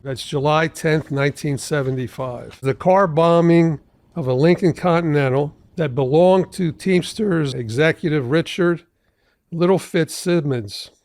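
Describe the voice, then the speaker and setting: A man in his seventies, a trial lawyer hosting his own podcast, telling stories from his cases in a measured, deliberate way. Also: fairly high pitch, darkish tone, no echo, studio quality. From Philadelphia area. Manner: measured, deliberate storytelling with asides. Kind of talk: storytelling podcast monologue.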